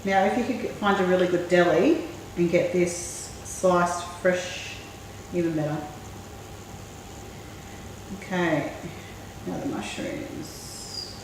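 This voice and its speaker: A woman's voice: on the low side, slow pace, long pauses. Woman chatting in an echoey kitchen. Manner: chatty, relaxed, thinks aloud. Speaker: cooking show host. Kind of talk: casual cooking demonstration. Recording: very echoey room, mic far off, faint noise.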